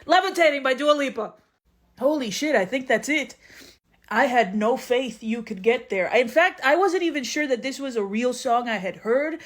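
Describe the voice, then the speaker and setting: A woman comedian performing sketches and stand-up with dry, deadpan comebacks. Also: fairly high pitch, moderate pace.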